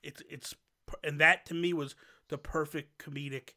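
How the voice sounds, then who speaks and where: A man hosting a casual livestream chat, an animated and long-winded storyteller who wanders off on tangents. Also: on the high side, normal speed. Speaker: show host.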